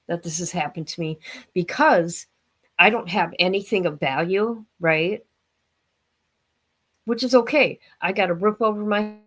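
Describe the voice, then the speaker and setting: An older woman hosting a casual livestream, rambling and talking straight to her viewers. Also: fairly low pitch. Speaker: livestream host.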